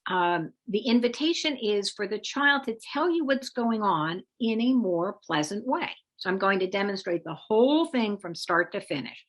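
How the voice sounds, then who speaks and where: A woman presenting an instructive webinar talk as a parenting expert, speaking in a measured, explanatory way. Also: medium pitch, lively intonation. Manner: measured, explanatory, acts out example phrases for parents.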